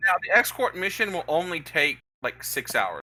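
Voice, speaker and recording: Young man, dungeon master, bright voice, hesitant, lots of fillers. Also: fairly high pitch, big pitch swings, moderate pace, low-quality recording. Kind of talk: running a tabletop game.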